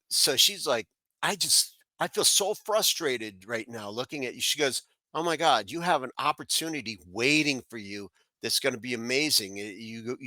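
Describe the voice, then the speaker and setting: Bright-voiced man telling a rambling story. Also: medium pitch, no echo. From South Florida. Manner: rambling, many fillers and restarts. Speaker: guest. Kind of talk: casual storytelling.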